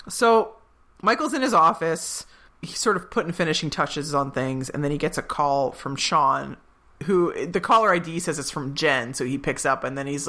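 A woman co-hosting a podcast, recapping an episode in casual chat and quoting the characters in quick put-on voices. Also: low-pitched, a bit bright. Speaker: podcast co-host.

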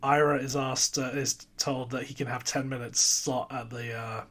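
A man's voice: medium pitch, steady tone, moderate pace, a bit bright. A man co-hosting a casual film talk, laughing often as he speaks. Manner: laughs often while talking. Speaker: podcast co-host.

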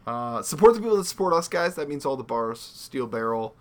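A man co-hosting a podcast in casual chat, joking and animated with quick asides. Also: mid-range voice. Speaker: podcast co-host.

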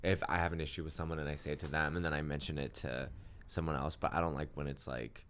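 A man speaking as a podcast guest in casual chat, hesitant and quiet, with many restarts. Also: fairly even intonation, fast. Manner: hesitant, lots of fillers and restarts, soft and low.

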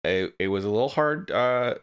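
A man's voice: medium pitch, animated, normal speed, smooth. Dry-witted young male podcast co-host. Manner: dry wisecracks, upbeat. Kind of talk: casual podcast chat.

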